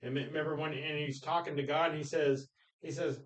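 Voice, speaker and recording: A man co-hosting a casual film discussion podcast, retelling movie scenes with animated energy, acting out quoted lines and laughing often. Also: on the high side, brisk, poor audio. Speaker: podcast co-host.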